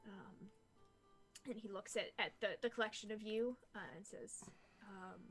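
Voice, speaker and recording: A woman runs a tabletop game, setting each scene in an unhurried, even voice full of fillers. Her pitch sits in the middle of the range, with faint music underneath. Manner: halting, many fillers while describing scenes. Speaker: game master.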